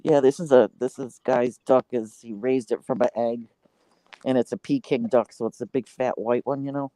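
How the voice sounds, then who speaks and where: A man's voice: mid-range voice, steady tone, normal speed, dark tone, dry recording, low-quality recording. A man co-hosting a casual livestream, tired and sighing, telling easygoing stories. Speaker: livestream co-host.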